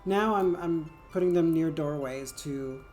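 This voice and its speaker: Woman streamer, French accent, lowish voice, casual playful chatter. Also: unhurried, darkish tone, soft background music. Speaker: game streamer. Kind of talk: casual gameplay chat.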